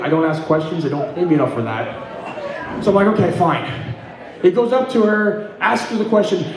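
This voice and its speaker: High-voiced profane Canadian comedian, echoey club. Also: male voice. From Ontario, Canada. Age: middle-aged. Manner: profane, laughing between punchlines. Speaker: stand-up comedian. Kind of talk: stand-up comedy storytelling.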